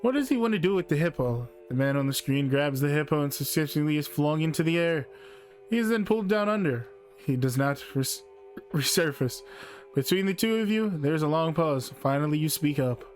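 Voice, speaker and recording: A man plays through a text game and reads it aloud in a playful way. His voice is fairly high, and faint music plays underneath. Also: normal speed. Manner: playful, laughs while reading. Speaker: game streamer.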